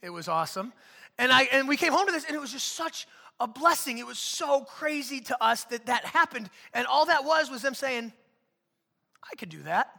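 A man in his thirties preaching a sermon in a church, animated and joking, acting out quotes. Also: very high voice, moderate pace, gravelly, long reverb tail. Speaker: pastor. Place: church auditorium.

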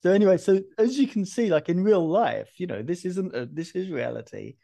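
Lively man with a gravelly edge. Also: high voice, a little fast. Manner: animated storyteller, laughs often. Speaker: podcast host. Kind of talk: casual chat.

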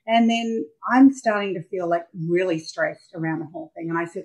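A middle-aged Australian woman telling personal stories as a podcast guest, candid and animated as she acts out scenes. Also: fairly low pitch, fairly quick, hardly any pauses, muffled recording. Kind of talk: personal storytelling in a podcast interview.

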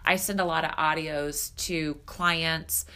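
A woman's voice: sits low, steady tone, slow pace, pushed and bright, clear, resonant tone. A woman hosting her own podcast, talking in a casual, reflective way and often filling with "like" and "you know.". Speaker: podcast host. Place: seated indoors recording.

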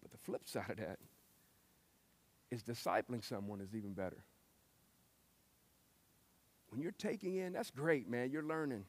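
A man preaching a sermon, telling stories and acting out quotes with lively shifts. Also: medium pitch, measured pace, pauses often. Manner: lively storytelling with acted-out quotes. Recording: long hall reverb.

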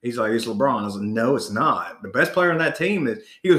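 A man's voice: medium pitch, animated, fairly quick, fairly bright tone, roomy sound. A man co-hosting a casual sports chat, ranting in a heated, profane way.

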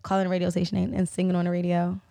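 A young woman from New Jersey chats casually as a guest. She tells her stories in an animated way and swears freely. Her voice keeps leaping into loud, high reactions. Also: rapid-fire, gravelly. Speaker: musician guest. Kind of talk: casual interview chat.

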